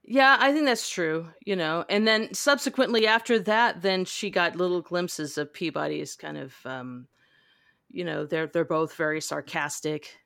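A woman hosting a casual book discussion, talking in a halting way with lots of fillers. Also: fairly low pitch, vocal fry, fairly bright tone, no room sound, studio quality. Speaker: podcast host. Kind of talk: casual book-club chat.

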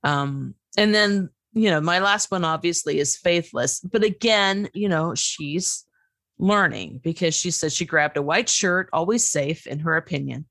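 A woman hosts a relaxed book-club conversation, chatty and full of fillers as she reads passages aloud. Her voice sits a little low for a woman. The sound is close and dry. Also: a little slow, no echo. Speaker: book discussion host. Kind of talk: casual book club chat.

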